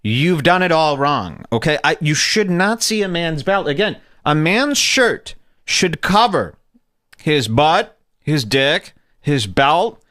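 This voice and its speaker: A man's voice: a little high, lively intonation, slow pace, pushed and bright, no echo, studio quality. A young man hosting a podcast, telling crude comedic stories in casual chat and slipping into silly voices. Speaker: podcast host.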